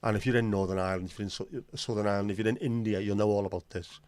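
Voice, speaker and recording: A man's voice: fairly low pitch, steady tone, racing, darkish tone, dry recording. A man with a Scouse accent, hosting a livestream in casual, blunt, sweary banter with his viewers. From Liverpool, England. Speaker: livestream host.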